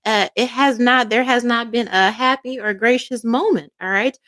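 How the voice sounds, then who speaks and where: A woman with a slightly high voice lays out a tarot reading with fervent emotion. She talks emphatically and keeps pausing to check in with "all right?" and "okay?". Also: fairly even intonation, fairly bright tone. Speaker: psychic tarot reader.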